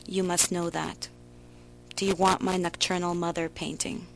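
A woman giving a slow, emotional, theatrical reading of a first-person story. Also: on the low side, little pitch movement, creaky, slight background noise, poor audio. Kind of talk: dramatic literary reading.

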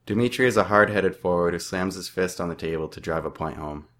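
Very deep-voiced young man reading his story. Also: fairly quick. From southern Ontario, Canada. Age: 20s. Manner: plain, steady reading with small slips. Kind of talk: reading first-person fiction aloud.

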